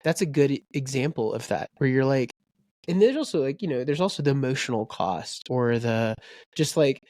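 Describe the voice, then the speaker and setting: A man co-hosting a podcast in relaxed chat, with many "you know"s and "right"s. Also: medium pitch, moderate pace, dry recording, clean studio sound. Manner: chatty, full of fillers like "you know" and "right". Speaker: podcast co-host. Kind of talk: casual chat.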